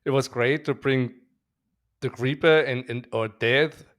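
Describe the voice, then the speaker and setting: A man with a German accent hosting an interview, enthusiastic and halting, often restarting phrases over a video call. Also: medium pitch, steady tone, fairly bright tone. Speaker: host. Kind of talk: casual interview chat.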